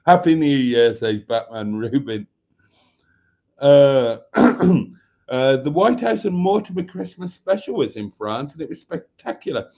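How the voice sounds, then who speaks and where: A man's voice: mid-range voice, expressive, slow, long pauses, warm tone. A man hosting a casual livestream, reading viewer messages aloud in a camp, joking way. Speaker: livestream host. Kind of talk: casual live chat reading comments.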